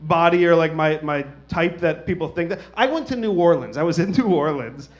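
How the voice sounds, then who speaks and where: A man's voice: a little high, lively intonation, a little fast, muffled recording. A man in his thirties doing a stand-up comedy set, telling stories in a casual, profane, wry way. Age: 30s.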